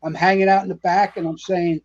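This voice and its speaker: Gruff New York storyteller in his sixties. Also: sits high, a little fast, dull audio. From the Bronx, New York. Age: 60s. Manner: salty, profane, animated storyteller. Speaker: guest, retired fire captain. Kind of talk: storytelling interview.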